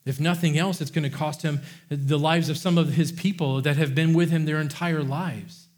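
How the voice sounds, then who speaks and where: A man preaching with fervor, his voice sitting a little higher than most men's. He repeats phrases and stumbles over restarts as he drives each point home. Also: fairly even intonation, normal speed, a little mellow. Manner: impassioned, repetitive preaching with many restarts. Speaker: pastor. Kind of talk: sermon.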